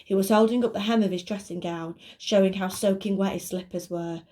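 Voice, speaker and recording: Teacher lady reading a kids chapter book out loud, clear and lively. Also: mid-range voice, brisk. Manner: clear, expressive storytelling. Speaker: primary school teacher. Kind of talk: reading a children's book aloud.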